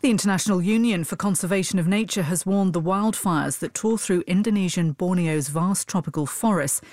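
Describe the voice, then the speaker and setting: Low-voiced woman reading the news. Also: darkish tone, no echo, studio quality. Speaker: newsreader. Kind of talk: formal news bulletin reading. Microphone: studio microphone.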